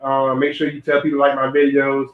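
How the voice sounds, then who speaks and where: A man's voice: medium pitch, monotone, brisk. Man streaming advice over a tinny, roomy line. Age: young adult. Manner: rambling, repeats and restarts phrases, addresses chat directly. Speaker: livestream host giving zodiac relationship advice. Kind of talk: casual livestream talk to viewers. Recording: roomy, phone-like lo-fi audio.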